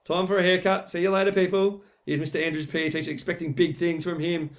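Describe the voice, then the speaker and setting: A man's voice: sits high, little pitch movement, fast talker. A man giving playful, teasing mock football commentary over a video as a voice-over.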